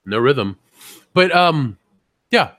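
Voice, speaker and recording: A man's voice: mid-range voice, sing-song, slow, fairly bright tone, no room sound. A man co-hosting a casual podcast, joking and profane, often slipping into put-on voices. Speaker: podcast co-host. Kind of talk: casual chat.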